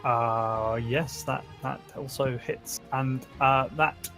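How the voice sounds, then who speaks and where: A man at a mid pitch runs a tabletop game, narrating in an easygoing way with frequent fillers and restarts. Faint music plays underneath his voice. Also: fairly even intonation, takes it slowly, fairly bright tone. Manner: easygoing, laughing often, filler-heavy. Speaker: dungeon master.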